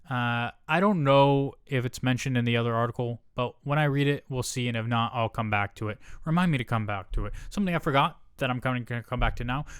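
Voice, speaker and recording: A man hosting a casual news rundown, full of sarcastic, swearing asides. His voice is smooth and clear, at a middle pitch. The sound is dry and close, with no room echo. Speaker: host.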